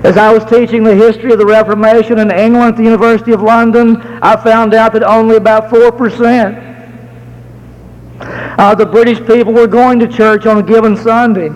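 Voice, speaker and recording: A middle-aged American man preaches in a high voice, telling homely stories with an easy folksy manner. He drags out the words he wants to stress. His sermon rings with long reverb from a large church hall. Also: darkish tone, dull audio. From United States. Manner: folksy storytelling, slows to stress key words.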